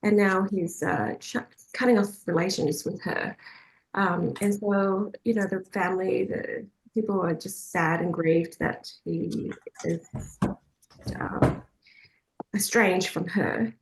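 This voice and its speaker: A woman's voice: medium pitch, steady tone, takes it slowly. Chatty woman in echoey room. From Australia. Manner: chatty, hesitant with frequent fillers, laughs often. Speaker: faith group meeting leader. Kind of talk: casual personal storytelling talk. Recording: roomy echoey sound.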